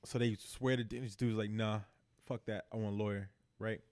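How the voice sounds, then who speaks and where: A man co-hosting a podcast, excitedly retelling a TV episode in casual chat, acting out the characters and swearing freely. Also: on the low side, moderate pace. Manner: animated storyteller acting out characters, heavy swearing. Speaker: podcast co-host.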